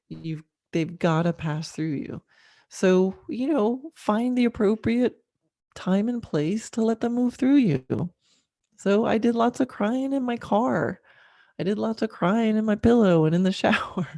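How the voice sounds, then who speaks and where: A middle-aged woman hosting a podcast, telling a personal story candidly and emotionally, with frequent fillers and soft laughs. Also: fairly low pitch, dry recording, studio quality. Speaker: podcast host.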